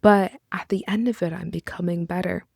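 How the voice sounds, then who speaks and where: A young woman delivers a reflective podcast monologue in an earnest, encouraging tone and slips in casual asides. Her voice has a strong vocal fry. The recording is dry and close, with no room echo. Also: fairly low pitch, fairly even intonation, fairly quick, darkish tone. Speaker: podcast host.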